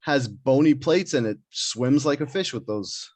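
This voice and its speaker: A man's voice: medium pitch, lively intonation, measured pace, a little mellow, no echo. A man hosting a podcast, reading out list entries in a joking casual chat. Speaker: podcast host.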